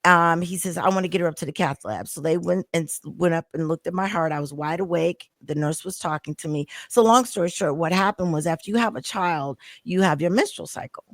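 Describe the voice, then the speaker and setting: Emphatic woman host, low pitch, recorded dry and close. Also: brisk, hardly any pauses, dry recording. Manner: emphatic, exclaims. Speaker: talk show host. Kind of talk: personal story on a talk show panel.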